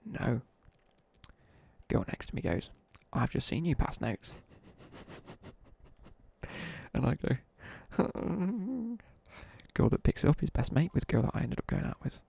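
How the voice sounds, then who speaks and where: A young man tells a rambling school story between asides about his game. His voice is deeply gravelly and somewhat husky, with a dark, mellow tone. The close mic picks up little room sound. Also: lively intonation, a little slow, pauses often, no room sound. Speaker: streamer. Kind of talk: casual chat while gaming.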